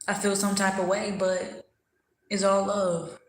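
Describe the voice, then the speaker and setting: A woman's voice: mid-range voice, flat delivery, unhurried, reverberant, a little hiss or hum, low-quality recording. A woman hosting a casual livestream, talking candidly and thoughtfully while she eats and answers viewers' comments. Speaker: livestream host.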